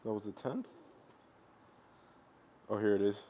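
A man chatting casually with friends between sets at the gym, low-key and relaxed. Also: unhurried. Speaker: training partner.

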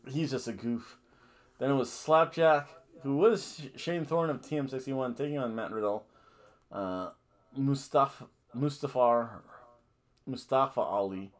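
Podcast host, man, casual rambling recap, corrects himself often, mid-pitched. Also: darkish tone. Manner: rambling, self-correcting, jokey asides.

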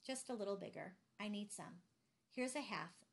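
A woman's voice: medium pitch, normal speed, close to an everyday voice. Weary mother, read by a woman; tired, pleading lines in a storybook reading.

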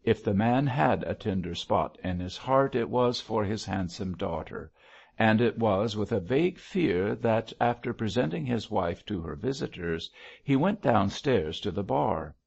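A man narrating an audiobook in a steady storytelling read. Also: on the low side, measured pace, gravelly, muffled recording. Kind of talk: scripted narration.

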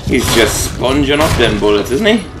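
A man's voice: medium pitch, sing-song, normal speed, noisy background. A man co-hosting a casual game playthrough, making sarcastic remarks and laughing often. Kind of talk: casual let's-play commentary.

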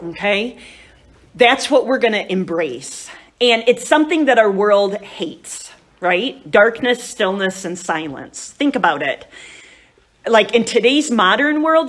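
Woman giving a retreat talk, chatty storyteller, lots of "you know" and "right?", mid pitch, pokes fun at herself. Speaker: retreat speaker. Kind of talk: live retreat talk to a group.

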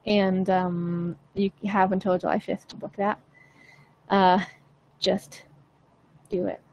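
A woman's voice: medium pitch, flat delivery, takes it slowly, darkish tone, poor audio. Friendly woman vocal coach, chatty and upbeat live-stream talk over a faint hiss. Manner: chatty, encouraging, many fillers.

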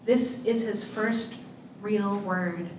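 A woman author reading her own story aloud in a measured, deliberate way. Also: medium pitch, steady tone, slight background noise. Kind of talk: literary reading. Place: live reading event. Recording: roomy, distant mic, faint ambience.

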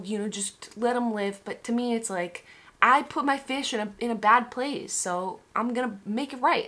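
A young woman vlogs in a casual, candid monologue, emotional and swearing freely, with frequent restarts. Her voice is mid-range and a bit bright.

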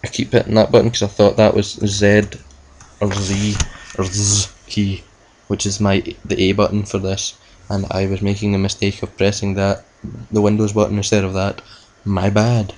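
A man's voice: fairly low pitch, completely flat delivery, moderate pace, darkish tone, low-quality recording. A young man giving rambling, self-mocking commentary over a video game playthrough, cursing at the game now and then. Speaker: gamer. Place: at home with a laptop.

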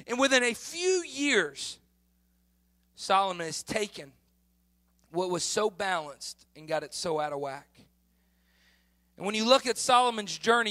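A man's voice: sits high, pushed and bright. A middle-aged man preaching a sermon in a conversational style that rises to emphatic peaks. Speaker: pastor.

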